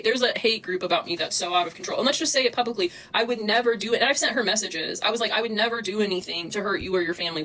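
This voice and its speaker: A woman's voice: medium pitch, a bit bright, slight background noise, low-quality recording. A young woman venting to her chat on a livestream, agitated and swearing heavily as she talks to viewers.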